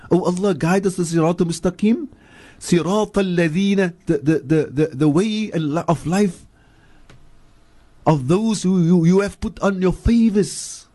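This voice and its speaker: A South African man teaching faith on the radio, his voice sitting fairly high for a man yet soft and mellow in tone. He intones verses slowly and deliberately, then explains them earnestly, repeating key words for weight, in a studio setting. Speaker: Islamic scholar and regular radio guest.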